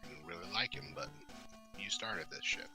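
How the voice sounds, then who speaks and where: Teasing young man with a bright voice. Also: deep voice, moderate pace, breathy edge, faint music behind. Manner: teasing, joking banter. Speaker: co-host friend. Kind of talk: casual livestream chat.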